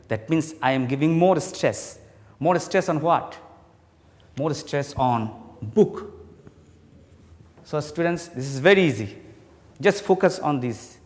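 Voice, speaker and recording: A man teaching an English grammar lesson to students, explaining slowly and with emphasis. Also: a little high. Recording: long hall reverb.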